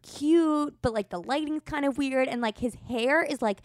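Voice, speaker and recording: A woman's voice: high voice, moderate pace, no room sound. A young woman co-hosting a podcast, telling a dating story in casual, filler-heavy chat on a close mic. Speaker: podcast co-host.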